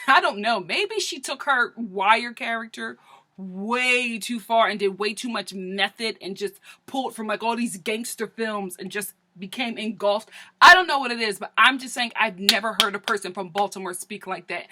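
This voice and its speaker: Woman from philly, bright voice, a little high, sassy opinionated tv recap, animated. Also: normal speed. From Philadelphia. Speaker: reality TV recap host. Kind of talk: comedic TV recap commentary.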